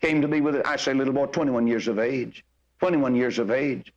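A man's voice: medium pitch, a little fast, muffled recording. An older man preaching a sermon, folksy and exhorting, full of homespun stories.

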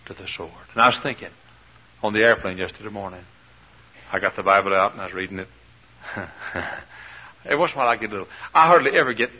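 Male preacher, husky, animated sermon delivery, dull lo-fi church recording. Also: on the low side. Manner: animated, shouting peaks and quiet asides, questions the congregation. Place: church in front of a congregation.

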